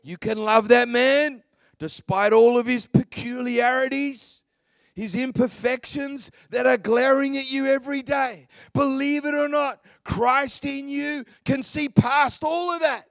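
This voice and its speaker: High, gravelly-voiced middle-aged preacher. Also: male voice, steady tone, unhurried, dry recording, clean studio sound. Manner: passionate, swings from hushed murmurs to shouts. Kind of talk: sermon.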